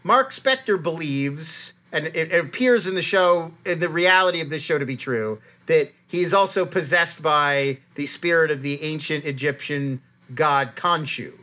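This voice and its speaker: Bright-voiced animated podcast host. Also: male voice, a little high. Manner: fast, animated, many restarts. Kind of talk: casual chat.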